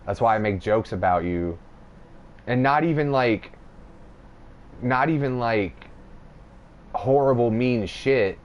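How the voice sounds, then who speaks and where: A man's voice: mid-range voice, takes it slowly, long pauses, highs cut off. A young man hosting a podcast, telling a rambling, profane story in casual chat. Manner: profane, rambling, animated retelling. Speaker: podcast host.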